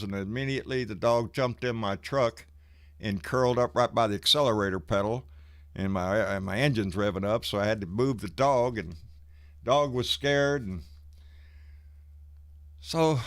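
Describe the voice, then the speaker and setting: A man, out of breath, hosting a casual live stream and greeting viewers in a folksy, swearing way. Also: medium pitch. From Texas.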